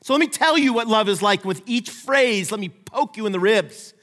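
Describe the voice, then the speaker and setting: A middle-aged man preaching a sermon as a pastor, lively and conversational, playfully acting out the voices he quotes. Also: sits high, moderate pace. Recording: long reverb of a large hall.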